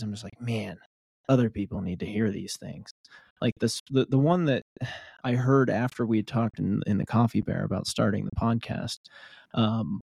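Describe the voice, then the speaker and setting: A man's voice: medium pitch, gravelly, dark tone, dry recording, studio quality. A man co-hosting a podcast, telling stories in a rambling casual way with many fillers. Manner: rambling storyteller, many ums. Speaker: podcast co-host.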